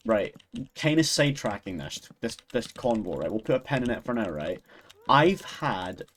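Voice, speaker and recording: A young Scottish man streaming live, chatting casually with viewers in a rambling, sweary way, often breaking into giggles. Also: medium pitch. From Scotland.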